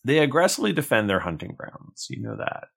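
A man's voice: medium pitch, sing-song, a little fast, creaky, a bit bright. A man running a tabletop game as game master, hesitating and thinking aloud.

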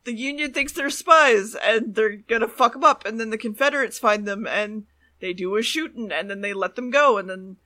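A woman's voice: fairly high pitch, moderate pace, bright, forceful tone. A woman co-hosting a casual podcast, recapping a TV episode in a rambling, exasperated way with frequent laughs. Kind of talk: casual chat.

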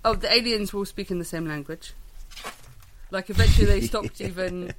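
A woman's voice: medium pitch, normal speed, noisy background. A woman co-hosting a podcast, chatting casually in a rambling, self-deprecating way. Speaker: podcast co-host. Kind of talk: casual chat.

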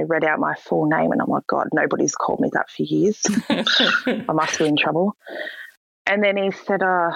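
A young woman tells her story in a gravelly, husky voice, jumping into quoted lines with lively energy. The recording is dry and a bit dull. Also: on the low side, no room sound. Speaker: guest. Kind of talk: casual storytelling.

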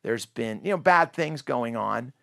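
A man's voice: mid-range voice, unhurried, vocal fry, no room sound, clean studio sound. A middle-aged man hosting a casual parenting podcast, telling stories with jokey asides. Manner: animated storyteller, jokey asides. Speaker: podcast host.

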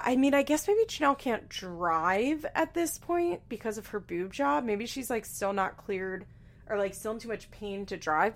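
A woman giving a casual, chatty recap with lots of fillers and swearing. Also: medium pitch. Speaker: reality TV recap host. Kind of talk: casual commentary.

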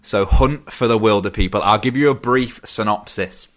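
A young man chatting casually on a film podcast, relaxed and quick to laugh. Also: on the low side. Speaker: podcast host.

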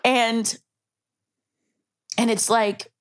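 A woman's voice: on the high side, flat delivery, very slow. A woman hosting a podcast, talking passionately and emphatically in a heartfelt casual conversation. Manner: passionate, emphatic, tearful at times. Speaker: podcast host.

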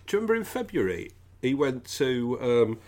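A man's voice: medium pitch, very animated, a little fast, a little mellow. A man hosting a podcast, chatting casually about politics in a jokey, rambling way. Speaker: podcast host.

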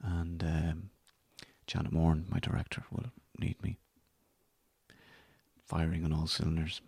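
A man's voice: very deep voice, flat delivery, measured pace, vocal fry, darkish tone, slightly rough, dry recording. An Irish man hosting a podcast, signing off in a rambling, self-deprecating way that trails off into near-whispers. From Ireland. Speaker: podcast host. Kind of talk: casual solo podcast sign-off.

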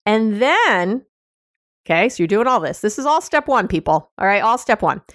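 A woman's voice: mid-range voice, sing-song, moderate pace, dry recording, clean studio sound. A woman hosting a solo advice podcast, talking frankly and casually, with many fillers and restarts. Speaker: podcast host giving sex advice.

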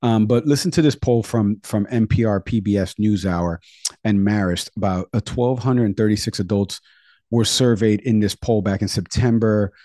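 Deep-voiced male talk show host. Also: moderate pace, warm tone, dry recording, studio quality. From Florida. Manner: conversational, reads poll numbers. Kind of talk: political talk show discussion.

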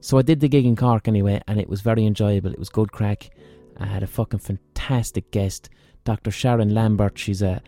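A man's voice: on the low side, fairly even intonation, a little fast, hardly any pauses, warm tone, soft background music. An Irish man hosting a podcast, telling a rambling, profane, self-mocking story in a casual monologue. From Ireland. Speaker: podcast host.

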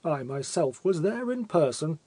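Bawling gaunt old general, self-important, put on by a male reader. High and strained, well above the reader's own voice. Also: sing-song, unhurried, warm tone, husky, dry recording, full character voice. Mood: insistent.

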